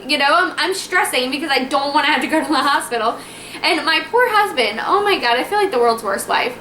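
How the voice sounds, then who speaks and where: High bright chatty woman in an echoey room. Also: brisk, slight background noise. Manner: chatty, animated, acts out dialogue. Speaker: vlogger telling her birth story. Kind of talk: casual storytelling to camera. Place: at home. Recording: echoey room, faint ambience.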